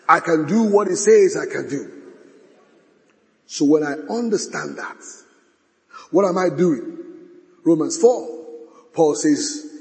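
A man preaching a sermon, swinging from bold declarations to hushed asides and reciting scripture. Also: a little high, gravelly. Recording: long hall reverb.

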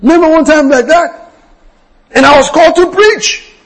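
Man, pastor, very high voice, animated storytelling sermon. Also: moderate pace, low-quality recording. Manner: storytelling with acted quotes, bursts of shouting and laughter.

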